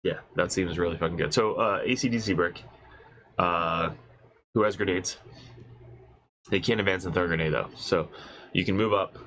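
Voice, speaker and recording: A man with a congested voice, casually reading out and reacting to game rules as a host, excited and swearing, thinking aloud. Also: sits low, normal speed, long pauses, poor audio. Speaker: wargaming video host reviewing rules.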